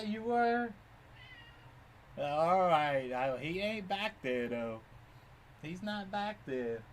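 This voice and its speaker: Slow, playful man teasing his cat. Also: fairly high pitch, a little hiss or hum. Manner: playful, teasing, laughs often. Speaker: pet owner filming his cat. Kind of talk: casual talk to a pet.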